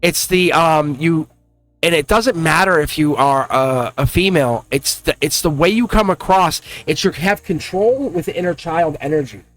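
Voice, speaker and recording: A man giving a casual, rambling tarot reading, talking excitedly and directly to the viewer. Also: on the high side, normal speed, no room sound, faint music behind. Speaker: tarot card reader.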